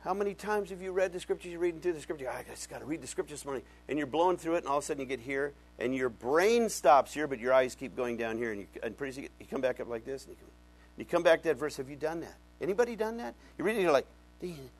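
A man preaching a Bible-teaching sermon, animated and conversational, often asking his congregation questions. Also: on the high side, fast talker. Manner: conversational, folksy. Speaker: pastor.

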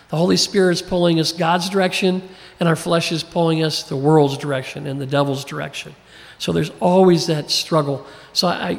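A man's voice: a little high, gravelly, in a large hall. A man preaching a sermon in a folksy way, chuckling often as he reads scripture aloud and acts out the quotes. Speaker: pastor.

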